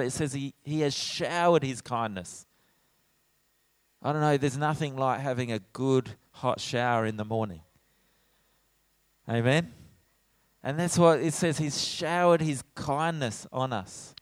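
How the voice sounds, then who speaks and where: A middle-aged man preaching a sermon in a church as pastor, animated, acting out his own lines when he tells stories. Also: mid-range voice, no room sound. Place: church hall.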